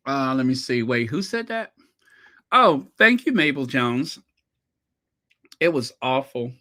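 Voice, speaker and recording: Man, vlog host, bright tone, animated, opinionated chat. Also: medium pitch, slow pace. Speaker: channel host. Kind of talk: casual commentary vlog.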